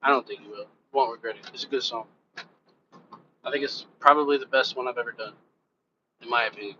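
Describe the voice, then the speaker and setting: A man's voice: medium pitch, brisk, pushed and bright. A man hosting a casual live stream, talking loosely and directly to his viewers, cursing offhand as he rambles. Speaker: reaction channel host and rapper. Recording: dull lo-fi sound with faint background noise.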